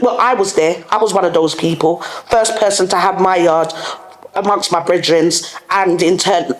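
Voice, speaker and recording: A young woman hosting a solo podcast, animated and direct, laughing often and using plenty of slang. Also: mid-range voice, reverberant. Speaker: podcast host. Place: studio room.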